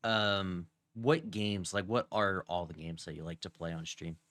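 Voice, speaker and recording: A lower-pitched man hosts a laid-back stream conversation, chatting loosely with many fillers. The sound is dry and close, with no room around it. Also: unhurried, fairly bright tone, no room sound. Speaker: streamer host interviewing a guest. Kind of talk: casual chat.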